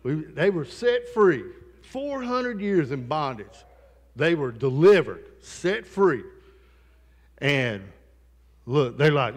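A man's voice: on the high side, big pitch swings, slow pace, long pauses, long reverb tail. A male pastor preaching a sermon in a conversational style, with asides to the congregation in a church sanctuary.

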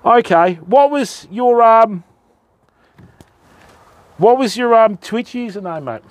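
Australian man, live streamer, high-pitched, dry close sound, relaxed matey chat with viewers. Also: slow pace, no room sound. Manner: chatty, matey, addresses viewers as fam. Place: outdoors at night by the water in rain.

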